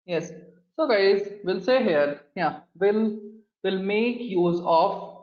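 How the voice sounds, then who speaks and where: Brief: male coding instructor, slightly high voice, walks through steps aloud, echoey dull recording. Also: takes it slowly. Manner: talks through steps while typing, often addresses the class as "guys". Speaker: programming instructor. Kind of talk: live coding lesson.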